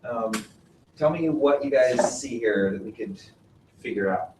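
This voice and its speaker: In a roomy space captured by a far-off microphone with slight background noise, a male mountaineering instructor teaches about glaciers. He speaks unhurriedly in a mid-range voice, asking the class questions and explaining with patience.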